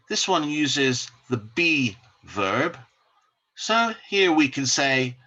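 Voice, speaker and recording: A male teacher leads a recorded English lesson, saying each word and then repeating it. His voice is bright, his pitch moves a lot, and he takes each phrase at an unhurried pace. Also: sing-song. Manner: slow, repeats each word for learners to copy.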